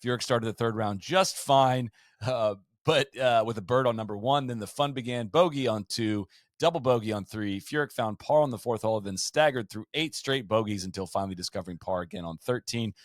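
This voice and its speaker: A podcast host recounts golf history in a relaxed storytelling style, reading out quotes and statistics along the way. His medium-pitched voice moves fairly quickly, with studio-quality sound and no room echo.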